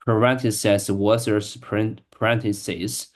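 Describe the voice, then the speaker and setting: Man, slightly low pitch, hesitant learner reading aloud with frequent restarts. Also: level tone. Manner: halting, hesitant, many restarts. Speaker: English learner. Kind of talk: reading practice with an AI assistant.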